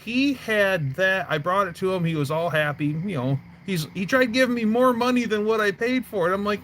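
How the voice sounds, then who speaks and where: A man's voice: sits high, fairly quick, few pauses, a bit bright, a little hiss or hum. A man hosting a casual livestream from outdoors by his garage, telling rambling stories full of fillers. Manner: rambling storyteller, many fillers. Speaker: livestream host. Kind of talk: casual chat.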